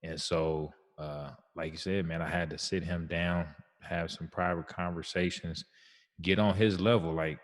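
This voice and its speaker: A man's voice: sits low, fairly even intonation, unhurried, long reverb tail. A man co-hosting a podcast about fatherhood, telling stories in a laid-back, slangy, reflective way. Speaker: podcast co-host. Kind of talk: casual chat.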